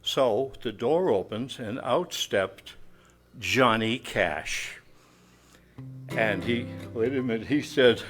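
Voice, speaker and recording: A man's voice: medium pitch, expressive, slow pace, fairly bright tone. A man, a celebrity impressionist, telling chatty stage anecdotes to the audience. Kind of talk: stage storytelling between impressions. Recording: guitar music behind. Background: guitar accompaniment.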